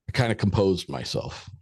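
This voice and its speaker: A man with a very deep, low, gravelly voice, dark in tone and slightly rough, tells a story as a podcast guest. He's loose and candid, swearing freely and slipping into quoted conversations. The recording is close-miked and dry, with no room sound.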